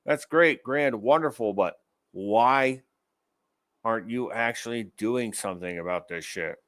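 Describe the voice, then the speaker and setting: A man's voice: mid-range voice, measured pace, a bit bright, no echo. A man hosting an online commentary show, ranting angrily about news clips with profanity and sarcasm. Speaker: show host.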